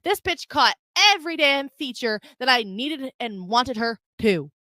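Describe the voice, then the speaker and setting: A woman's voice: sits high, lively intonation, a little slow, sharp tone, no echo. A young woman hosting her own podcast, rambling casually in a brash, profane, unfiltered way. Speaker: podcast host. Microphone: desk mic on a video stream.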